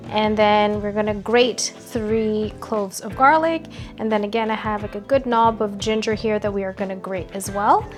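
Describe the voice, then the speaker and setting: A woman hosting a cooking video, chatting playfully as she walks through each step of a recipe. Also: fairly high pitch. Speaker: cooking show host. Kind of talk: casual cooking demonstration. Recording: background music under voice.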